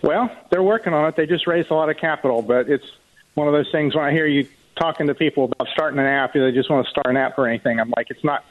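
Guy calling into a radio show, kinda hesitant, muffled lo-fi call line. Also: fairly high pitch. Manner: hesitant, halting with fillers. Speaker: caller. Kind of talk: casual call-in chat.

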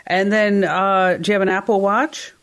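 A woman's voice: mid-range voice, fairly even intonation, normal speed. A woman hosting a radio call-in show, chatting casually and rambling through a story.

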